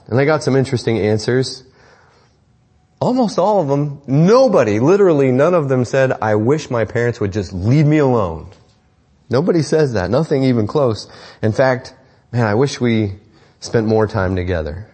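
A man's voice: mid-range voice, a little mellow, husky. Joking, conversational middle-aged male pastor. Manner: conversational and joking, with self-deprecating asides. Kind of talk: sermon on parenting.

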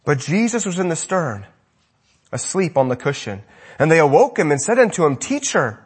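A man preaching a sermon with passion, his voice rising loud and dropping to a hush. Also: fairly high pitch, very animated, moderate pace, breathy edge. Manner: impassioned preaching, swinging between loud and hushed. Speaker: pastor.

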